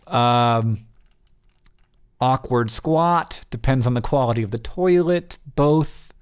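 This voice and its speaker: A man's voice: medium pitch, very animated, unhurried, smooth. A man in his thirties talking casually as host through survey results, rambling with many fillers and restarts.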